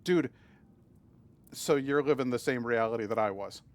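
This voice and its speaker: A man's voice: mid-range voice, moderate pace, a little hiss or hum. A man from Massachusetts streaming a game, chatting casually with his viewers and often stumbling over and restarting his sentences. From Massachusetts, USA. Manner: chatty, often restarts and stammers, reads and answers chat. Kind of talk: casual live-stream chat while gaming.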